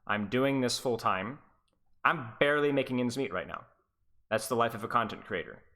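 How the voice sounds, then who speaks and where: A man's voice: medium pitch, moderate pace, bright, forceful tone. A man who coaches esports, talking casually on a live stream in a rambling way, stumbling and restarting his sentences. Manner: rambling, stuttering, with frequent restarts.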